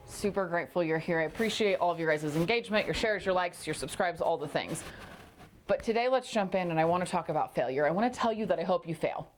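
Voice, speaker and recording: A woman's voice: on the low side, fast, a little hiss or hum. A woman hosting a motivational solo podcast, talking emphatically and repeating phrases for punch. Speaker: podcast host.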